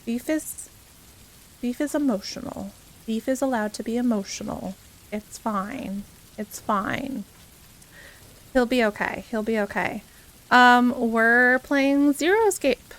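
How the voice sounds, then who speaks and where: A woman's voice: fairly high pitch, slow, long pauses, a bit bright, a little hiss or hum. A young woman streaming live, chatting casually and cheerfully with her viewers, greeting them by name and laughing often. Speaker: variety streamer.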